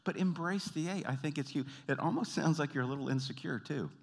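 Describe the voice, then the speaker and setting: A man from the American South with a Southern accent, performing an animated stand-up comedy routine. He tells stories and jumps into high, exaggerated voices. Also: quick pace. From Southern United States. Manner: animated storytelling, jumping into high put-on voices.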